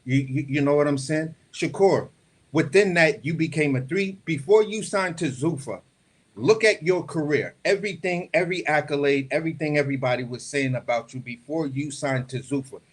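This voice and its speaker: Man panelist, somewhat high voice, heated and profane. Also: normal speed, slightly rough. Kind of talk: casual panel chat.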